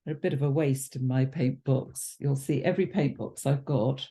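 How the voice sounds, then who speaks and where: A woman giving a relaxed watercolour painting demonstration, chatty and thinking aloud with ums and self-corrections. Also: extremely low pitch, normal speed. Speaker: watercolour art teacher.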